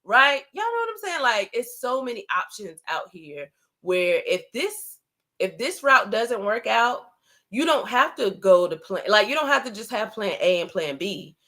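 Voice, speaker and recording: A woman hosting a casual livestream talk. She speaks conversationally, often asks "right?" and says "like", and acts out inner thoughts in an animated way. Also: medium pitch, a little slow. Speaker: host. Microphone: computer camera setup.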